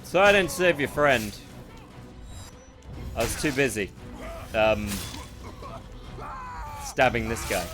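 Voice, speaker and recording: Male game streamer, wry and sarcastic, mid-pitched voice, faint music behind. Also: lively intonation, takes it slowly, long pauses. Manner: joking, sarcastic, swears freely. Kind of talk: casual gameplay commentary.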